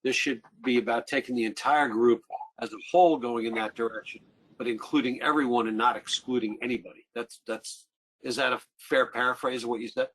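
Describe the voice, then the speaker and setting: A man's voice: mid-range voice, fairly even intonation, brisk, a bit bright, poor audio. Man moderating a webinar panel. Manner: conversational, paraphrasing and prompting.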